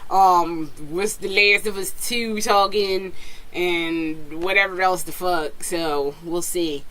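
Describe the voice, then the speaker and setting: A woman's voice: fairly low pitch, slow pace. A young woman from Florida vlogging at home about video games, swearing freely in slang and breaking into screams of joy. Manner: profane, slangy, bursts into screams of excitement. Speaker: gaming vlogger. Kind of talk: excited casual vlog rant.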